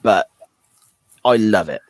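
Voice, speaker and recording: A man co-hosting a podcast, talking casually and thoughtfully about an episode, often pausing mid-phrase. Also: on the low side, animated, dry recording. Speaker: podcast co-host. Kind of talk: casual chat reviewing an episode.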